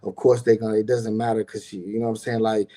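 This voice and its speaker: A man's voice: on the low side, flat delivery, fast talker, mellow. A middle-aged man casually telling a personal story as a podcast host, loose and conversational, with lots of "you know what I'm saying".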